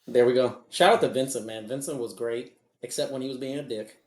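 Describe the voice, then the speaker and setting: A man's voice: medium pitch, steady tone, fairly quick, a little mellow. A man hosting a podcast in casual chat, laughing often, joking and swearing freely. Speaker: podcast host. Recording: roomy echo.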